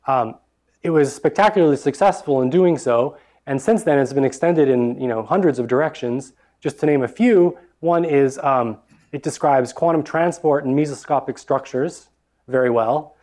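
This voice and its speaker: A man's voice: mid-range voice, moderate pace, a little mellow. A young man giving an academic lecture with slides, talking with many fillers and restarts.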